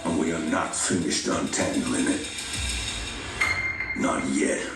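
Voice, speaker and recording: An actor with a put-on Southern accent playing a shrewd detective in a movie trailer, speaking slowly and deliberately. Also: male voice, very deep voice, recorded from a distance. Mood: probing. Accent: American Southern, put on. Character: shrewd drawling male detective. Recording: movie trailer with loud music, played in an echoey room.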